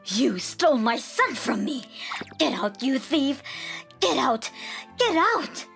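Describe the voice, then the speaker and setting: A woman voicing a cruel older mother-in-law who yells shrilly. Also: sing-song, normal speed, soft background music. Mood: furious. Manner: shrill, yelling.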